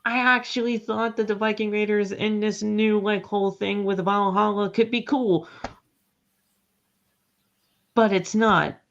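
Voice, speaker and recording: A man's voice: sits high, little pitch movement, a little slow, creaky, pauses often, fairly bright tone. A man co-hosting a podcast in casual chat, laid-back, swearing and laughing often. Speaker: podcast co-host. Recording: dull lo-fi sound.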